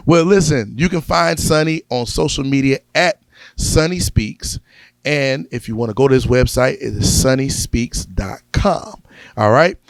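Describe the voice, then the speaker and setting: A man's voice: mid-range voice, a little slow, vocal fry, no echo. A man hosting a comedy show, hyping the crowd between acts and plugging the comedian. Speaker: show host.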